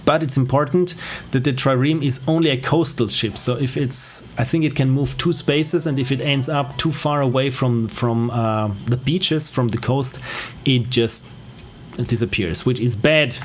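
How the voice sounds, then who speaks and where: A man giving relaxed, rambling gameplay commentary on a livestream, with self-deprecating asides. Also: medium pitch, unhurried, slight background noise. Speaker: game streamer.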